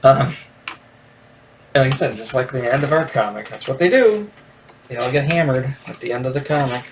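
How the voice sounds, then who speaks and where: A man's voice: mid-range voice, fairly even intonation, fairly quick. A man hosting a solo comics review podcast, talking casually and rambling, with lots of fillers and restarts. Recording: distant from the mic with faint noise.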